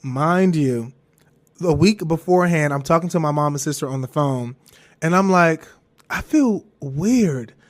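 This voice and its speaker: A man hosting a podcast, telling a personal story in a candid, rambling, animated way with some swearing. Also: on the high side, moderate pace. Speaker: podcast host.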